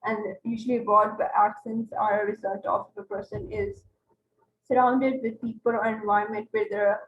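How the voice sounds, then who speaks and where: A woman's voice: on the high side, normal speed, a little hiss or hum. A woman teaching an online class, explaining step by step and checking in with her students. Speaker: English tutor. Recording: roomy, dull lo-fi online class audio.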